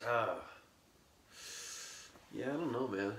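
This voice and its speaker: A man's voice: fairly low pitch, animated, unhurried, long pauses, a bit bright, reverberant, slight background noise. A man playing every member of a one-man band in a comedy sketch, bickering with himself. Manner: switching between bandmate characters, bickering.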